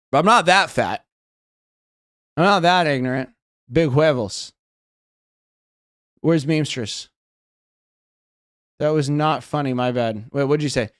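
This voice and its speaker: On a live stream, an American man with a fairly high voice tries out stand-up material, rambling, mocking himself, and restarting his lines again and again. The sound is clean studio quality without room sound.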